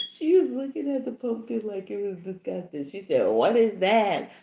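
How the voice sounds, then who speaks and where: Lady hosting her own livestream, telling stories all animated, jumps into squeaky high voices, then goes quiet and whispery. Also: measured pace, creaky, slight background noise. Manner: animated storytelling with bursts of laughter. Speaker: tarot channel host chatting on a livestream. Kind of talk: casual livestream chat.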